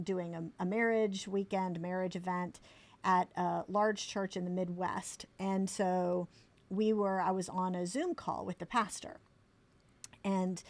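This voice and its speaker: Earnest woman host telling a story. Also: mid-range voice. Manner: earnest, fluent with frequent fillers. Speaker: podcast host and co-author. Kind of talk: conversational storytelling.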